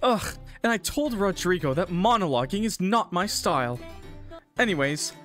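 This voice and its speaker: A cold young cannibal woman who talks down to everyone with dry, bored scorn, as a man reads her lines in a game. Her pitch swings widely even while she sounds unimpressed, and faint music plays underneath. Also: normal speed. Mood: menacing.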